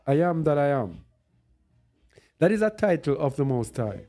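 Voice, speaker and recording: A man's voice: fairly high pitch, very animated, moderate pace, long pauses, dark tone, faint music behind. A man giving an unscripted bible teaching. He thinks aloud while searching on screen and repeats words for stress.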